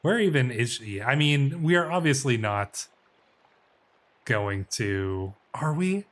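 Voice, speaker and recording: A man's voice: medium pitch, lively intonation, slow. A man narrating his strategy game in character as a ruler, musing aloud, correcting himself and reading event text in a slightly theatrical voice. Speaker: game let's player. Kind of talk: role-play commentary on a strategy game.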